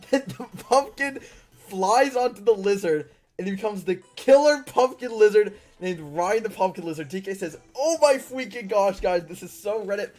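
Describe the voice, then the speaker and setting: Guy streamer reading chat stories out loud, high voice, bouncing all over, keeps cracking up and getting fake-offended. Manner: breaks into laughter and mock-indignant outbursts while reading. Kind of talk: reading viewer stories aloud on a live stream.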